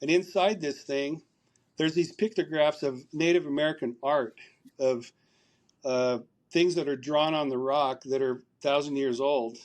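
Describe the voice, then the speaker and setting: A man's voice: fairly high pitch, fairly even intonation, measured pace. A man, a podcast guest, telling a long story over a remote call, rambling and repeating words as he recounts conversations.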